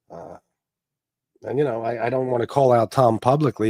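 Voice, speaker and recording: A man's voice: mid-range voice, very animated, a little fast, a little mellow, no echo, studio quality. A man hosting a casual livestream, rambling and swearing in a mock-heartbroken way while greeting chat members. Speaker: livestream host. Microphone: desk microphone.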